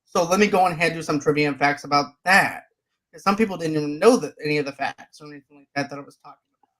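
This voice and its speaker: Higher-voiced man hosting a casual podcast. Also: fairly bright tone. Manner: emphatic, conversational, drawn-out asides. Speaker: podcast host.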